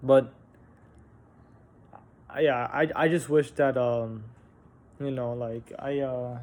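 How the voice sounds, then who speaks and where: A young man casually telling a personal story on a vlog, halting and candid, with frequent restarts, fillers and casual swearing. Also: mid-range voice, steady tone, darkish tone. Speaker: vlogger.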